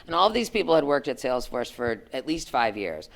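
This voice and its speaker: A middle-aged woman, a former tech executive, telling a story to students in a frank, animated way, full of "like" and "right?". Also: extremely low pitch, fairly quick. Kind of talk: candid storytelling talk to students.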